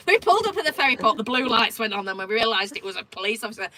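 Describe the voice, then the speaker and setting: Lively animated English woman storyteller. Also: on the high side, very fast, hardly any pauses, background noise. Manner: animated storyteller, reads viewer comments aloud. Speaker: show host. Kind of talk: casual chat.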